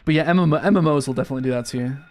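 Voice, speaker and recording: A man's voice: mid-range voice, rapid-fire, darkish tone. A young English man with an English accent, chatting casually and laughing as he streams a game. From England. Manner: chatty, laughs often, self-deprecating. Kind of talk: casual gaming stream chat.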